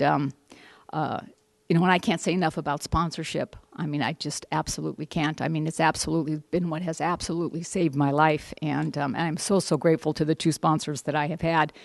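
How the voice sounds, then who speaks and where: A woman's voice: low-pitched, dry recording. A middle-aged woman giving a candid, rambling personal testimony at a support group meeting, with wry asides and many restarts.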